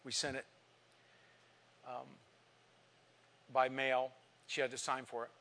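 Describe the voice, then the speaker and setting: With a completely flat delivery, a slow pace, and a fairly bright tone, an older male pastor speaks in a medium pitch. He earnestly recounts an emotional story in his sermon, voicing the quoted lines of its characters.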